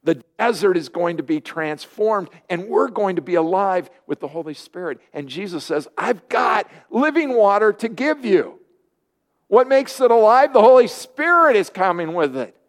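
A man preaching a sermon, lively and earnest, often acting out the voices of people he quotes. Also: high voice, normal speed, few pauses. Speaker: pastor.

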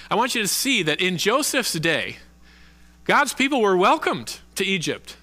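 A man delivering a church sermon in an earnest, deliberate way, stretching out the words he wants remembered. His voice is bright and forceful and sits a little high. A long reverb trails behind him, as in a large sanctuary. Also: very animated. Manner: earnest preaching with slow emphatic stresses. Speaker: pastor.

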